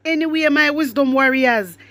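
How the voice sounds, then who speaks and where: A woman's voice: sits high, normal speed, a bit bright, dry recording. A Jamaican woman hosting her news commentary channel, chatting and scolding in patois.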